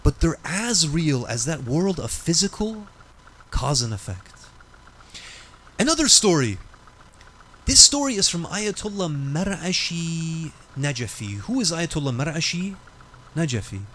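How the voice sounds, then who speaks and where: A man preaches in a mosque, telling a moral story with dramatic emphasis. His voice is high and lively, rising and falling across a wide range, with faint noise behind him. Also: unhurried. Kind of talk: sermon storytelling.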